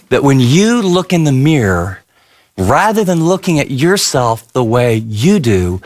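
Animated preaching man. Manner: animated storytelling, sudden pitch swings. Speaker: pastor. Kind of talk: sermon.

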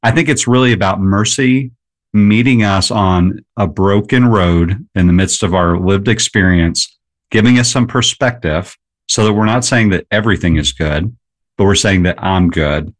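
A man's voice: lowish voice, moderate pace. A man speaking as a radio guest, talking in an earnest, reflective manner about a song. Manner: earnest, reflective, laughs easily. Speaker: guest, blogger. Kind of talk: casual radio conversation. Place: radio studio. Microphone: studio microphone.

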